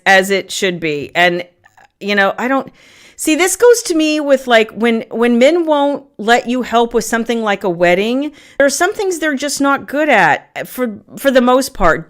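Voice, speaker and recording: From her family room, a middle-aged woman with a slightly high voice hosts a casual livestream. She greets viewers by name and chats warmly, saying um often.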